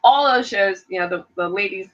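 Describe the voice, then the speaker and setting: A woman's voice: medium pitch, moderate pace. A middle-aged woman co-hosting a casual chat show, talking in a chatty way and laughing often. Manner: animated, chatty, laughs a lot, puts on voices to quote people. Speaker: co-host, mother. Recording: dull lo-fi recording.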